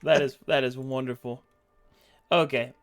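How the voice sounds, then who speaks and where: A man's voice: medium pitch, fairly even intonation, unhurried, gravelly, faint music behind. A man running a tabletop game as game master, upbeat and chatty with his players.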